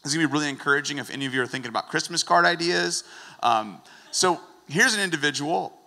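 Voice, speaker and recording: A man giving a lively, joking sermon in a conversational teaching manner. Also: a little high, fast, in a large hall. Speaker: guest preacher.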